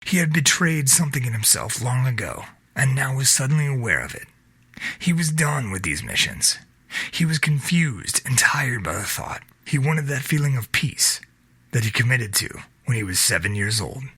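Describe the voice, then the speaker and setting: A man reading scripted narration of an audio drama in a measured, expressive way. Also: medium pitch, slightly rough, no room sound.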